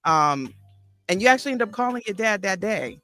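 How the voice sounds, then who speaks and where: A therapist, life coach and host, a woman with a medium-pitched, fairly bright voice, recalls a past conversation in a casual, reflective and thoughtful way, with restarts. She talks fairly quickly with lively intonation as faint music plays behind her.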